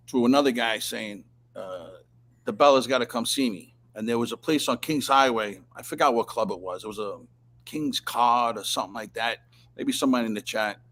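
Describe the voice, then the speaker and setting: A man telling a long, rambling story in casual chat, swearing constantly and clearing his throat often. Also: mid-range voice, a bit bright. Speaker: interview guest.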